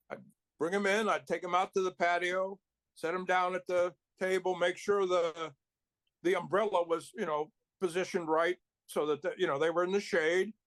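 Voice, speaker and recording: A man's voice: sits high, fairly bright tone, dry recording. A male actor telling rambling anecdotes in casual chat, with restarts and chuckles. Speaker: actor guest.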